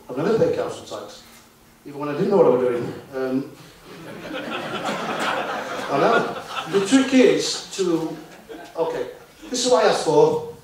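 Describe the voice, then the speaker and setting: A man giving a talk to a live conference audience, chatty and tossing tag questions at the room. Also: a little high. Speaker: conference speaker. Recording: very echoey hall, voice far from mic.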